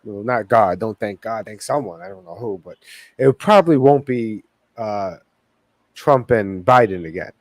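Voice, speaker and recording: A man co-hosting a podcast in casual chat, halting and groping for words. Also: fairly low pitch, animated, no echo. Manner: halting, loses his words. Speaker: podcast co-host.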